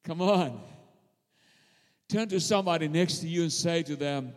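Fervent high-voiced male preacher. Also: fast. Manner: fervent, repetitive preaching with call-and-response to the congregation. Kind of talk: sermon. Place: church sanctuary. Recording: long hall reverb.

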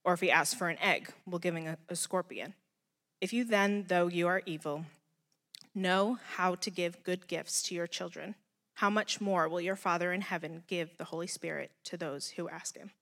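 A woman reading scripture aloud in a measured, deliberate way. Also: fairly low pitch, steady tone, a bit bright, big-room sound.

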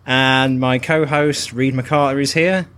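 A man's voice: medium pitch, fairly even intonation, fairly bright tone. Sex: man. Figure: a man doing a hammy American drawl. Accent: put-on American. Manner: slow, drawling, exaggerated. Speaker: podcast host. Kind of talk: comedic impression in casual chat.

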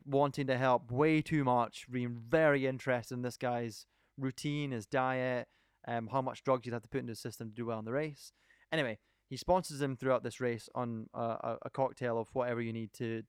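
A podcast co-host enthusiastically retells a documentary in casual chat, rambling from one point to the next. His mid-range voice is smooth, recorded at studio quality with no echo.

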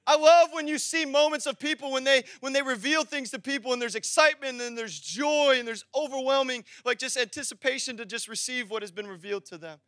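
A man's voice: extremely high pitch, a little fast, hardly any pauses, fairly bright tone, dry recording, clean studio sound. A young adult man preaching a sermon in a conversational way, acting out little dialogues and building to fervent exhortation. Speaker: pastor.

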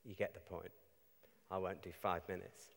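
Preacher in a reverberant church. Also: male voice, sits low, flat delivery, moderate pace, vocal fry, a bit bright. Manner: conversational, with rhetorical tag questions. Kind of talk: sermon.

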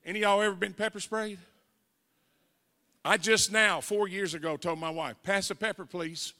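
Gravelly Southern evangelist in a big hall. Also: male voice, high-pitched, moderate pace, pushed and bright. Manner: dramatic storytelling, acting out quoted voices. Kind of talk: testimony sermon. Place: church sanctuary. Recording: reverberant church hall.

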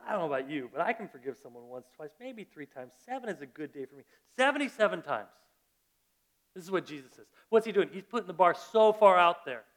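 A man preaches a sermon with a high, bright-sitting voice. He tells the story with energy and often doubles back on his words, repeating "and, and" as he builds his point. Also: fairly quick. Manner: animated storytelling with repeated restarts. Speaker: pastor.

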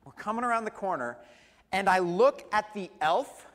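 A man's voice: sits high, lively intonation, moderate pace, a bit bright, big-room sound. A man preaching a sermon as pastor, telling a humorous personal story. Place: church sanctuary.

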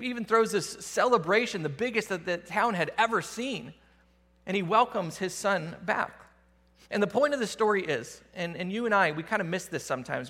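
A man preaching a sermon as a pastor, telling the story in a conversational, animated way with casual slang. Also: high voice, creaky, big-room sound.

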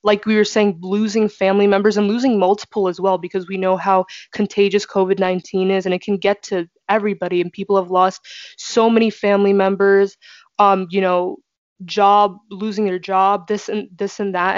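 A woman's voice: medium pitch, flat delivery, normal speed, dry recording. A young woman talking earnestly about gratitude in a casual discussion, with many fillers. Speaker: panelist. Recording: dry dull lo-fi audio.

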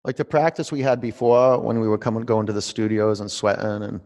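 Gravelly-voiced man leading a yoga class. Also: fairly low pitch, big-room sound. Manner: relaxed, conversational, drawn-out cues. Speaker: yoga teacher. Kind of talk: guided yoga class instruction.

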